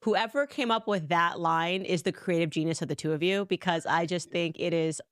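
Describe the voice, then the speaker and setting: A woman hosting a conversational interview, teasing her guests and breaking into laughter often. Her voice sits on the low side. It sounds dry and close to the mic. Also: moderate pace, no echo. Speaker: interview host.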